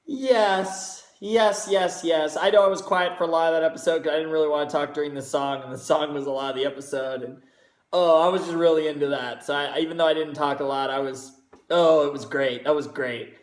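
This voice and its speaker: A man hosting a reaction video, gushing excitedly and swearing heavily in casual commentary. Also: a little high, fast talker. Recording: roomy echo.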